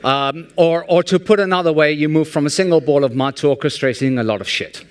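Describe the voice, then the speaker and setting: A man giving a humorous, sarcastic conference talk in a large hall, telling jokes and anecdotes in a lively storytelling way. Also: on the high side, brisk, clean tone. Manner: sarcastic, joking, animated storytelling. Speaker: conference speaker.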